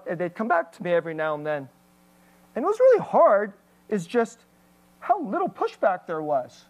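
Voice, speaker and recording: A woman's voice: sits high, poor audio. A woman pastor giving an emotional, candid personal testimony in a sermon, with plenty of fillers and restarts.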